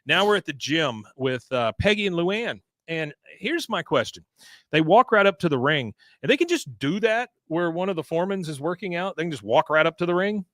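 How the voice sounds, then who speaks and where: A man's voice: fairly high pitch, animated, a little fast, fairly bright tone, no echo. A man co-hosting a podcast, casually recapping a cartoon episode and acting out the characters' lines as he goes. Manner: rambling, acts out quotes from the episode. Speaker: podcast co-host.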